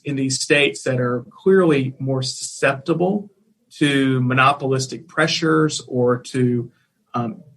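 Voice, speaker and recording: A man's voice: medium pitch, a bit bright. A man hosting a business podcast, recapping his guest's points and thinking them through aloud. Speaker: podcast host. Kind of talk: podcast interview.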